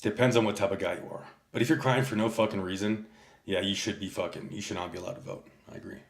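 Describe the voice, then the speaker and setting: A man's voice: on the low side, fast talker, creaky. Profane, rambling man in an echoey room. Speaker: livestreamer. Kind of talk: casual livestream rant, reading chat.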